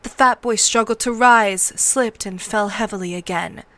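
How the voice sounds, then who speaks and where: A woman's voice: mid-range voice, normal speed, sharp tone, no room sound. Woman reading a novel aloud, dry close sound. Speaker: narrator. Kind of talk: read-along audiobook narration.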